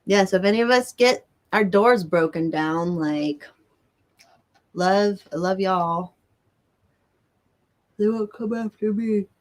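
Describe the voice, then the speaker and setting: Indoors by a bright window, a livestream host reads viewers' comments and rants, excitable and foul-mouthed, with nervous laughs. She has a medium pitch and talks slowly, leaving long pauses.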